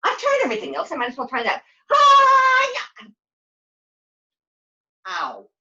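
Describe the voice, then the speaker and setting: A woman puppeteer voicing a chatty, excitable young girl who talks in quick, sassy bursts during a puppet show. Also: a little high, highs cut off, exaggerated voice. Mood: sassy, excited. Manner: breathless, sassy, quick to exclaim.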